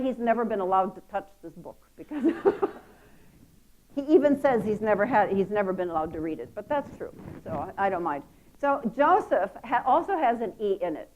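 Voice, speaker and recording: A woman's voice: a little high, muffled recording. A woman giving a conference talk, telling a story with playful asides and laughter. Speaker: conference speaker. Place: conference hall.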